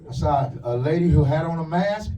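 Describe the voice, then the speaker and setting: A man's voice: a little high, lively intonation, mellow, distant mic, muffled recording, slight background noise. Crude man doing stand-up. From lives in the USA. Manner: crude, punchy storytelling with quick asides. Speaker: stand-up comedian. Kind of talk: stand-up comedy set.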